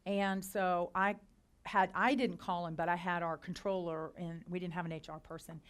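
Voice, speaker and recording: A middle-aged woman, a company founder and CEO, telling anecdotes to a business audience, chatty with quick restarts and quoted dialogue. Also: fairly low pitch, fairly even intonation. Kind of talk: storytelling talk to a business audience. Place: lecture hall.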